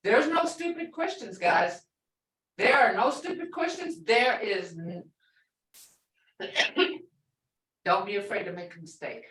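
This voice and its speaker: A woman's voice: fairly high pitch, fairly bright tone, reverberant, recorded from a distance, rough recording. An older woman teaching a language class, chatty and storytelling, repeating words for emphasis.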